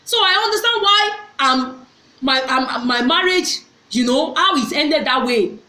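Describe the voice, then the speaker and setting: A middle-aged woman speaks to her viewers in a fairly high voice, telling a personal story. She is earnest and often circles back to repeat or restart a phrase. The room around her is echoey. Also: lively intonation, unhurried, bright, forceful tone. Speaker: vlogger.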